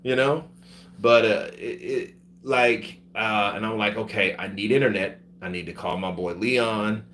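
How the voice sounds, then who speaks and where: A man with a fairly low voice tells his story casually and swears freely. He is sick, and he acts out the people he talks about. A faint hum runs behind him. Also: a little slow. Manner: profane, animated, acts out other people's voices. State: sick with covid. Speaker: vlogger telling his travel story.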